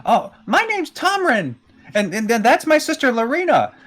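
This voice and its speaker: A man doing a shrill excited little boy. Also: moderate pace, exaggerated voice. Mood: eager. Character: small boy, eager adventure-struck child.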